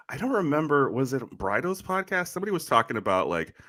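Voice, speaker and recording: A man co-hosting a podcast in casual chat, laughing along with short, quick replies. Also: mid-range voice, very animated, bright, forceful tone, no echo, studio quality. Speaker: podcast co-host.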